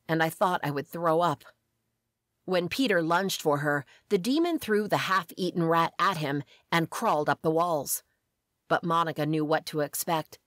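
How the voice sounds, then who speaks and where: A woman reading a first-person fantasy story aloud as an audiobook narrator, with a steady, even delivery. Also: deep voice, dry recording, clean studio sound.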